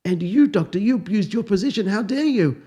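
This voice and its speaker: A man reading a calm, courteous middle-aged husband. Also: on the high side, moderate pace, lightly acted. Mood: bewildered. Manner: gently formal, courteous.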